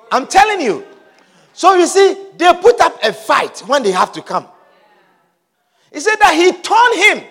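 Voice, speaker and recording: A man preaching a sermon with emphatic repetition and sudden shouted lines. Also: extremely high pitch, long reverb tail. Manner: emphatic, repeats phrases, bursts into shouts.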